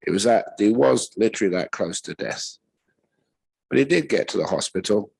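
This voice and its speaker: A man, a Buddhist monk teacher, giving a retreat talk with gentle, unhurried storytelling and pauses. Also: fairly low pitch, lively intonation, creaky, breathy edge, dry recording, poor audio.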